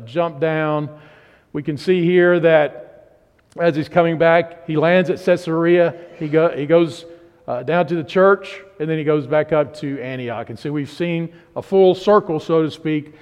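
A man leads a Bible class in a conversational, animated way, restarting phrases as he retells. His voice sits somewhat high. The sound carries a long hall reverb. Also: clear, resonant tone. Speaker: Bible study teacher.

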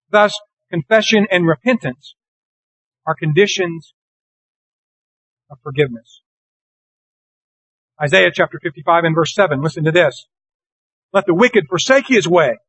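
A man preaching a morning lesson, reading scripture verses slowly and earnestly. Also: high voice, fairly bright tone, no echo, low-quality recording. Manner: earnest, deliberate, slows for scripture.

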